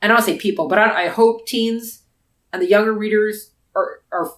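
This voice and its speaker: Her mid-range voice stays steady and a bit bright at a normal speed as she co-hosts a laid-back book review podcast. She talks in long, rambling, chatty runs full of restarts, recorded in a room with echo.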